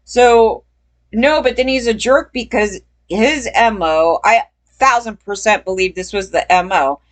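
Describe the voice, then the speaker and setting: A young adult woman telling a personal story in a loose, rambling way, swearing often, laughing, and jumping up in pitch when she gets emphatic. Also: measured pace. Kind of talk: casual storytelling.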